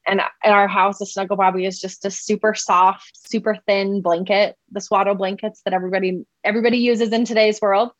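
A woman's voice: medium pitch, fairly even intonation, brisk, hardly any pauses, no room sound. A woman in her thirties, a mother telling a personal parenting story in a conversational way, often saying "like" and "right?". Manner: conversational, heavy use of "like" and "right?". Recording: dull, slightly muffled sound.

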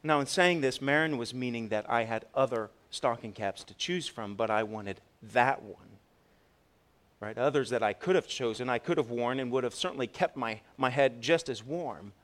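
Male pastor, mid-pitched, storytelling sermon with big dynamic swings and repeated restarts. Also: moderate pace. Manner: storytelling, animated with swings from loud to soft; repeats words when restarting.

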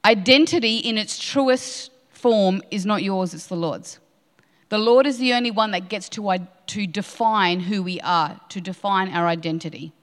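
A woman's voice: medium pitch, unhurried. A woman preaching a sermon with passion, repeating key lines for emphasis. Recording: long hall reverb.

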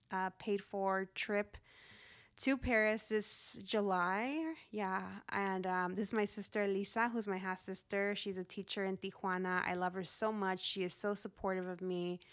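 A woman in her thirties talks casually on her solo podcast. Her pitch sits right in the middle, and she stays upbeat and chatty, laughing easily as she goes. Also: fairly bright tone. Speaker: podcast host.

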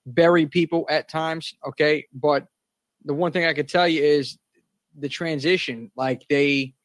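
A man's voice: on the high side, steady tone, unhurried, no room sound. Laid-back man in casual wrestling chat. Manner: laid-back, says "man" a lot, laughs easily. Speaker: podcast co-host.

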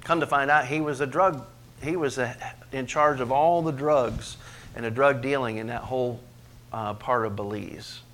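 A man preaching a sermon as pastor, questioning the congregation and swinging from quiet asides to emphatic, loud peaks. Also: normal speed, slight background noise. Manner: preaches with big swings in pitch and loudness, rising to emphatic peaks; asks the congregation questions directly.

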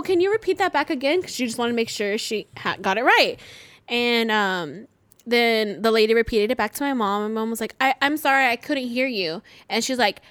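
A middle-aged woman guest telling a family story in a casual, animated way, with swearing. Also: a little high, clean tone, no room sound. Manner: animated, swears, laughs through her story. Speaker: podcast guest.

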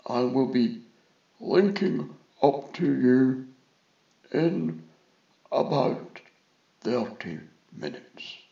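A breezy male vizier , as a male reader puts him on, speaking slowly and surely, brushing off any danger. His low-key voice is slightly dull, like a modest recording. It is a storybook reading of a space tale. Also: animated, gravelly, warm tone, reverberant, exaggerated voice. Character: cheery confident male vizier on a spacecraft radio.

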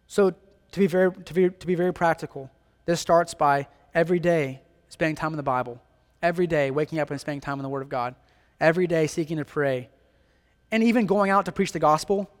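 A man with a high voice preaches a sermon in an earnest, emphatic way, repeating phrases and pressing rhetorical questions. His voice carries a long reverb, as if heard in a church hall.

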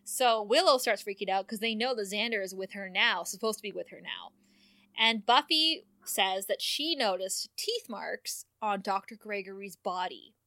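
Bright, dry-voiced woman recapping chattily. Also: mid-range voice, expressive, dry recording. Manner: chatty, laughing, quick plot recapping. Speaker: podcast co-host. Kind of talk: casual recap chat.

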